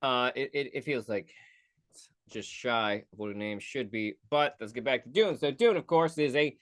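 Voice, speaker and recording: A man's voice: mid-range voice, expressive, moderate pace. A man hosting a casual solo film review podcast, goofy and rambling, often interrupting himself. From United States. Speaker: podcast host.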